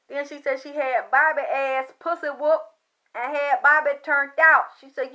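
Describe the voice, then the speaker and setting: Woman storyteller, brash and excitable, bright tense tone, muffled low-fidelity recording. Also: normal speed. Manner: loud, profane, excitable, acts out quoted voices. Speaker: spiritual commentator. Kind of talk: animated storytelling monologue.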